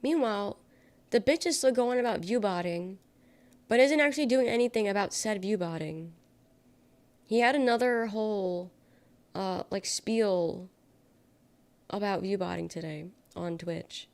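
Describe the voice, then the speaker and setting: A young woman streams live, her voice gravelly with a noticeable fry at mid pitch. She rambles through casual chat and answers viewer comments with sarcastic quips, speaking into a desk mic. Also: a little slow, long pauses, a little mellow. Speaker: livestreamer.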